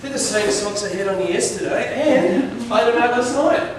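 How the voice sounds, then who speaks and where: A man's voice: extremely high pitch, expressive, normal speed. An actor playing a crude, cocky young Australian man in an amateur stage play, recorded from far off in an echoey hall. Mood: brash. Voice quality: brash, swearing, cocky. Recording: distant echoey hall with noise.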